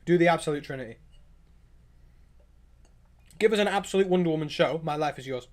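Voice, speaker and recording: This livestreamer is an excitable man with a higher-pitched voice, chatting casually and responding to what viewers write. His talk rambles, with fast restarts and opinionated side comments.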